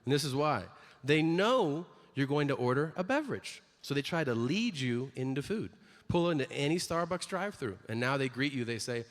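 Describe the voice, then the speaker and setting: A man's voice: mid-range voice, expressive, fairly quick, long reverb tail. A man performing a stand-up comedy set, ranting with exasperated, profane punchlines and acted-out voices.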